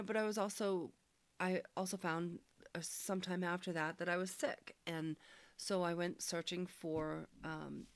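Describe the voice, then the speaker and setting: A woman with a lowish voice recounts a personal healing experience in a reflective testimony. She speaks earnestly and softly, as if searching for each word. The sound is close and dry, with no room around it. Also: smooth, no room sound. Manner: earnest, searching, soft-spoken storytelling.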